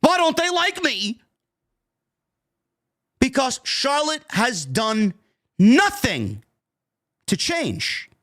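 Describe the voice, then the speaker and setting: A man's voice: very high voice, wildly swooping pitch, extremely slow, pauses often, sharp tone. A man with a New York accent reviewing a wrestling show in a heated, profane, repetitive rant. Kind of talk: ranting commentary.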